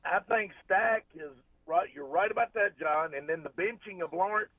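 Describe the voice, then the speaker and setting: A man's voice: high-pitched, moderate pace, crowd noise. A man calling in to a radio show, talking in a rambling, folksy way. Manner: rambling, folksy, restarts often. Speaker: caller. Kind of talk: casual call-in chat. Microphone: phone. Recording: tinny phone line.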